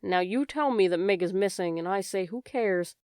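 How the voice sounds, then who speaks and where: Curt scornful key-keeper lady from a storybook, clear smooth voice, dry sound , read by a woman. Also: medium pitch, normal speed, no echo, close to an everyday voice. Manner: scornful and curt, then hushing. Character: tall, sharp-tongued woman keeping the castle keys.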